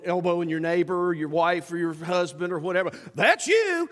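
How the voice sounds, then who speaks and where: A male pastor with a drawl preaches in a folksy, lively style, his fairly high voice leaping up and down in pitch. The sound carries a long church reverb. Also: fairly quick, hardly any pauses. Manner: folksy, animated preaching with acted-out asides. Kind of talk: sermon. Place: church sanctuary.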